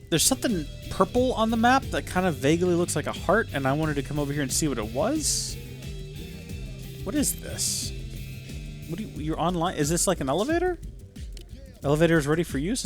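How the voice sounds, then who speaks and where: Southern US male let's-play host; animated, sarcastic, casual commentary. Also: sits high, fairly quick, soft background music. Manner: chatty, sarcastic asides.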